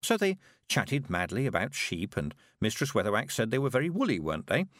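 A man narrating a storybook in an expressive, measured way. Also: medium pitch, no echo, clean studio sound. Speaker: audiobook narrator.

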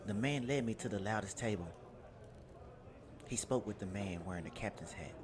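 A man reading a first-person adventure story in a measured, journal-like way, with crowd noise behind. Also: fairly low pitch. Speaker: narrator.

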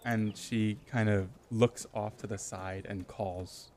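A man's voice: fairly low pitch, fairly even intonation, slow pace, a little mellow, a little hiss or hum. A man acting as game master, narrating a tabletop game with descriptive detail and frequent filler ums.

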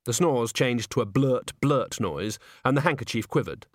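A man narrating an audiobook in an expressive storytelling manner. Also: medium pitch, moderate pace, few pauses, no room sound, clean studio sound. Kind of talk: scripted narration.

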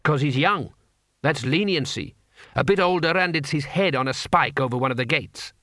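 A man's voice: a little high, moderate pace, a bit bright, no echo, clean studio sound, lightly acted. A man voicing a shrewd, casual male street trader who talks in an offhand, unbothered drawl.

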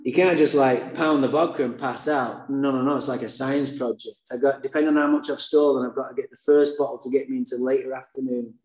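A man's voice: mid-range voice, steady tone, fast, hardly any pauses. Blunt, profane man telling his story. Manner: blunt and profane, with dark humor. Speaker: speaker sharing his recovery story. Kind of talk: candid personal storytelling. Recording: roomy echo.

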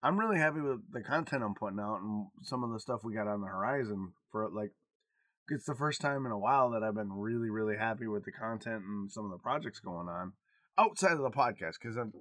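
A man's voice: lowish voice, a little fast, fairly bright tone, no echo, clean studio sound. A man in his forties co-hosting a podcast in casual chat, talking frankly and confessionally and swearing freely. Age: 40s. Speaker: podcast co-host.

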